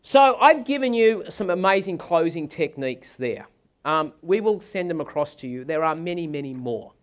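A man giving a sales seminar, telling anecdotes in a dramatic, animated way. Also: on the high side, moderate pace. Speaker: sales trainer.

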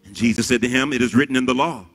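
Man preaching, bright forceful voice, echoing church hall, soft music behind, dramatic scripture reading. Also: medium pitch, racing. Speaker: pastor. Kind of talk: sermon. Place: large church sanctuary.

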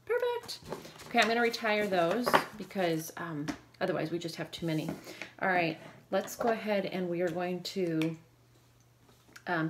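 A woman teacher with a fairly low voice runs a phonics drill. She calls out short, brisk prompts and answers each one with quick praise. A faint hiss sits under the recording. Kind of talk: phonics lesson.

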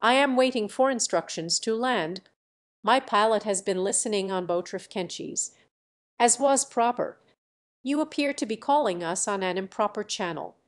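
A woman's voice: medium pitch, expressive, moderate pace, lightly acted. Woman reading as a mild, detached senior officer. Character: calm senior male space officer.

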